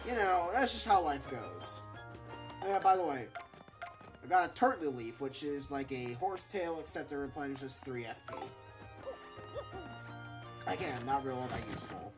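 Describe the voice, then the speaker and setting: A woman's voice: rumbling low, animated, moderate pace, long pauses. A woman giving casual, wry commentary while playing a video game, with chatty joking asides. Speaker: let's play gamer. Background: game music.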